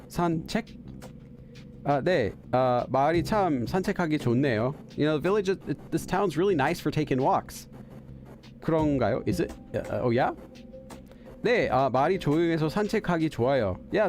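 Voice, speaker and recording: A man hosts a let's play, reading game text aloud and translating it line by line. He thinks aloud and talks fast, at a middling pitch. Game music runs underneath. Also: a little mellow. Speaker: host of a game channel for Korean learners.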